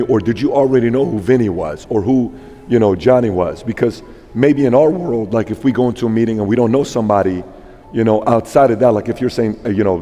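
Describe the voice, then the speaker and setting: A male podcast host asking long, rambling questions with halting restarts. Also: mid-range voice, warm tone. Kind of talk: interview questions. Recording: reverberant room with background music.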